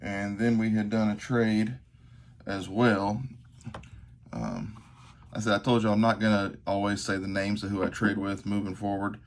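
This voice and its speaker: A man's voice: lowish voice, flat delivery, moderate pace, a little hiss or hum. A man, talking casually and rambling through a show-and-tell of his gear, with lots of fillers and self-deprecating asides. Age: 40s. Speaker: knife collector vlogger. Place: tabletop at home.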